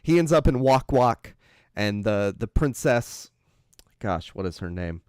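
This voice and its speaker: A man's voice: on the low side, expressive, a little slow, a little mellow, clean tone, no room sound, clean studio sound. A man co-hosting a casual film chat, meandering and thinking aloud as he retells a story. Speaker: podcast co-host. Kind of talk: casual chat about films.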